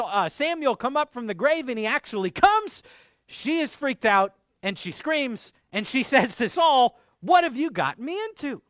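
A man preaching a sermon, retelling scripture with expressive delivery and quoting old English verses. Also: high-pitched, no room sound, clean studio sound. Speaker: pastor.

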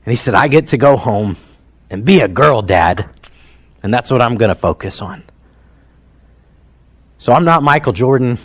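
A man in his thirties, a pastor preaching a sermon in an emotional, heartfelt storytelling manner that drops quiet and then rises to emphasis. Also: mid-range voice, lively intonation, moderate pace, pauses often.

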